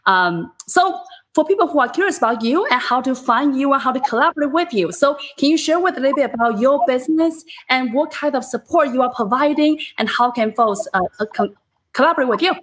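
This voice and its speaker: A woman hosting a video-call interview, talking in an animated, exclaiming way with casual swearing. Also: sits high, fairly quick. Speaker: podcast host.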